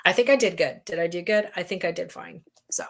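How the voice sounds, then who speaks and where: A woman's voice: fairly low pitch, brisk, gravelly. A middle-aged woman hosting a casual craft livestream from home, chatty and rambling, often laughing. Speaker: livestream host, bead weaver.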